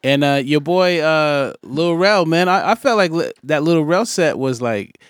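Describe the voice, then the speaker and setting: A man's voice: a little high, expressive, unhurried, clear, resonant tone, no echo. Chill guy cohosting a podcast, teasing his buddy, dry sound. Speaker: podcast co-host. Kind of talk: casual podcast chat.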